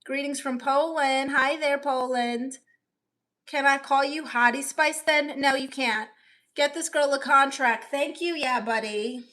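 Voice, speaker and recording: Woman, 30s, from Florida, livestream chat, phone mic, bright tone, playful. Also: sits high. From Florida, USA. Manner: playful, quick, giggly replies. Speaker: comedian and streamer. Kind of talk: casual livestream chat reading comments.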